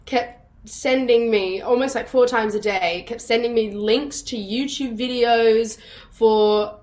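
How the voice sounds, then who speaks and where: A young woman, a musical theatre actress, telling stories with bubbly excitement and frequent laughs over a video call. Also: a little high, takes it slowly. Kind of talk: casual interview chat.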